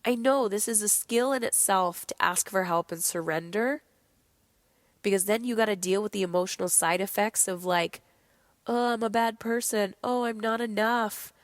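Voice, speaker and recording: A sick, low-energy woman hosts a podcast, talking through a candid motivational monologue with blunt, animated delivery and plenty of cursing. Her voice is medium-pitched at a moderate pace, recorded without echo.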